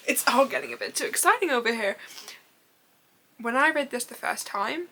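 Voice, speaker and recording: A young woman chatting in a reading vlog, gushing and giggling, rambling excitedly and swearing casually. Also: high-pitched, moderate pace, pauses often, slight background noise. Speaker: book vlogger.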